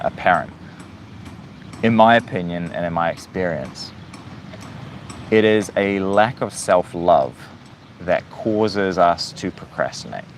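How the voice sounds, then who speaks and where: A man from New Zealand with a softened accent, hosting a casual livestream and talking reflectively to viewers, often pausing and restarting his sentences. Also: low-pitched, slight background noise. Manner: reflective, hesitant with many fillers and restarts. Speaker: livestream host.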